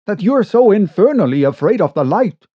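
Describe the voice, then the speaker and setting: A man voicing a startled, brusque sailor calling out into the dark. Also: on the high side, animated, takes it slowly, no room sound. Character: first-person sailor narrator, startled and brusque. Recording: dull lo-fi recording.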